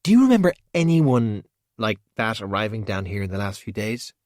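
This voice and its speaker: A man's voice: on the low side, very animated, moderate pace, darkish tone, no room sound, pitched above the performer's own voice. A man reading aloud and voicing a bold, sarcastic young woman in a storybook, with dry, wisecracking talk.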